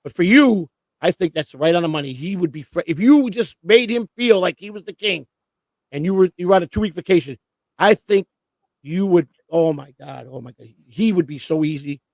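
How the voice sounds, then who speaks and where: A man hosting a casual livestream chat, rambling and swearing excitedly as he talks. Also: high voice, fairly quick, no room sound. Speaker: host.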